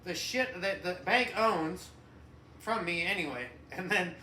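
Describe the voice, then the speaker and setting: A middle-aged man with a high, piercingly bright voice, chatting casually and swearing freely as he rambles. He sounds set back from the mic in a roomy, echoing space with a faint hiss of background. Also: a little slow. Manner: profane, rambling, bursts into loud mocking rants. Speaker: podcast co-host, father. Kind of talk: casual chat. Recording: echoey room, distant mic.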